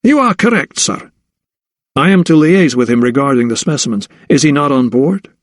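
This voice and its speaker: Earnest gentleman doctor, read by a male narrator: courteous, formal, period diction. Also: medium pitch, expressive, moderate pace, no echo, studio quality, close to an everyday voice.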